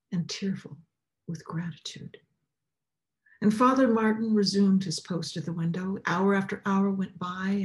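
A woman's voice: mid-range voice, darkish tone. A woman preacher telling a story in a sermon, reading expressively and dropping at times to a near whisper.

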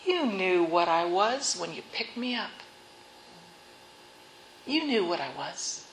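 A woman's voice: on the high side, unhurried, slight background noise, voice pushed up. A woman giving voice to a sly, cold rattlesnake. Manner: pleading, then cold and flat. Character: sly persuasive male rattlesnake, turns cold. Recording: echoey room.

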